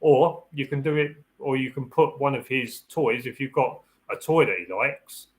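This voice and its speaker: A man at a middle pitch talks through dog training in a loose, conversational live-stream style. He circles back on his own phrases and restarts sentences as he works out his point. His delivery stays down-to-earth and practical. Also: moderate pace, low-quality recording. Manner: acts out the dog's thoughts in a raised voice. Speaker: security dog handler hosting a live Q&A. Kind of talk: casual live-stream advice talk.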